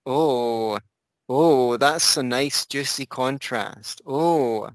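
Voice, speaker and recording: A man's voice: mid-range voice, no echo. A man hosting a podcast, reading a text aloud and chatting in a playful, jokey way. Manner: playful, jokey, quick to go off on tangents. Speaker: podcast host. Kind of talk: casual chat about philosophy readings.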